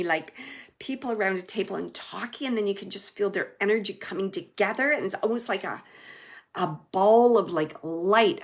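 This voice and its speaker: A woman medium with a medium-pitched voice gives a live reading to an audience, relaying messages chattily with lots of fillers. At times she drops to a soft hush, and there's slight background noise.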